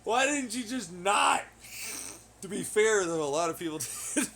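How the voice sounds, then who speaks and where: A man's voice: high voice, a little slow, vocal fry. Profane, rambling man, laughing often. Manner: profane, laughs often, gets loud and excited. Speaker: podcast host. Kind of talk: rambling casual monologue. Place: at home on laundry day.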